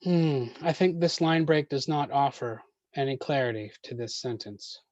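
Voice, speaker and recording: A man leading an online poetry workshop, answering questions in a measured way with frequent ums and uhs. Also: medium pitch, a little mellow, no echo, muffled recording.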